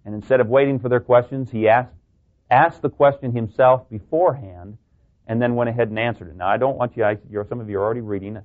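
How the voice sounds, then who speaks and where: A man's voice: mid-range voice, fairly even intonation, fast. A man preaching a sermon to a congregation, talking through rhetorical questions and joking asides. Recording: tinny phone-like sound.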